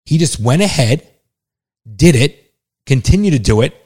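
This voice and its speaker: A man's voice: mid-range voice, expressive, normal speed, a little mellow, husky. A middle-aged father talking on a casual family podcast. He is blunt and insistent, leans hard on his points and swears freely. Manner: emphatic, heavily profane, insistent. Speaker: father and co-host.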